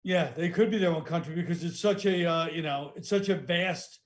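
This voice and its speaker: A man's voice: on the high side, moderate pace. A man, a comedian guest in casual chat, blunt and wry, riffing in rambling runs.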